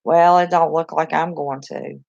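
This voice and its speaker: A chatty, excitable woman with a Southern West Virginia accent, hosting a casual live chat from a cluttered bedroom on a phone. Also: deep voice, measured pace, vocal fry, dull audio. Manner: chatty, excitable, talks to viewers and reacts to the chat. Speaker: live stream host.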